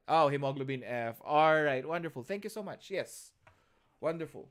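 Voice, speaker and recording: A man's voice: fairly high pitch, expressive, moderate pace, smooth. A man with a Filipino accent lecturing an online class, teasing his students and switching between English and Tagalog.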